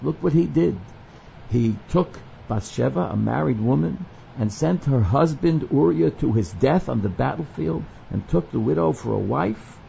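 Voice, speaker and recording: Male Torah teacher, gravelly and mellow, readings, explanatory lesson delivery, dull lo-fi recording. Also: medium pitch, expressive, moderate pace. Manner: explanatory, quotes the Hebrew text and then translates it. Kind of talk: verse-by-verse scripture lesson. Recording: dull lo-fi recording with faint noise.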